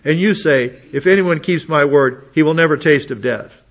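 A man's voice: fairly high pitch, expressive, a bit bright, lo-fi sound. A man preaching a sermon, reading Bible passages aloud and breaking in with casual, plain-spoken comments. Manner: reads scripture aloud then adds quick casual asides.

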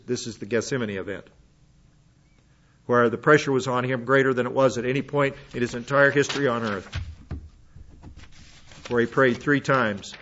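He speaks at medium pitch with a somewhat bright quality, captured on lo-fi audio. His sermon-style Bible teaching proceeds methodically through Greek word lists, punctuated by frequent restarts.

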